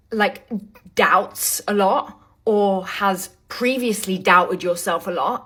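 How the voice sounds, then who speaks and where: A woman giving an intuitive tarot reading to camera, talking casually, full of fillers and pausing to search for words. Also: mid-range voice, a bit bright. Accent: not American. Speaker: tarot reader.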